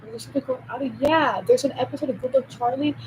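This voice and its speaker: A woman in a rambling solo monologue who jumps between topics, swears, and swings from loud outbursts to low mutters. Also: quick pace, slight background noise, rough recording.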